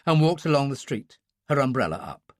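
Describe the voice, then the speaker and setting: In a dry, clean studio recording, a man with a medium-pitched voice reads a scripted thriller audiobook, measured yet expressive.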